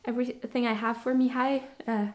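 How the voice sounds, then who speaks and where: A woman's voice: a little high, little pitch movement, brisk. Breathless woman chatting on her podcast. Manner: rambling, with frequent fillers and restarts. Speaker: podcast host. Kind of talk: casual chat.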